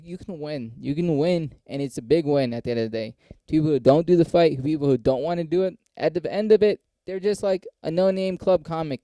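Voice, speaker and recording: A young man rambles through a profane podcast monologue, slipping into a higher voice when he acts out other people. His voice is warm and smooth. It is recorded close up in a dry space. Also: dry recording. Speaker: podcast host and comedian.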